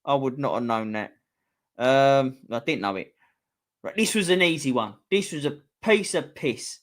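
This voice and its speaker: A man's voice: mid-range voice, lively intonation, unhurried. A man with a London accent, hosting a casual live-stream quiz, chatty and teasing, swearing freely. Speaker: host reading a quiz to a live chat.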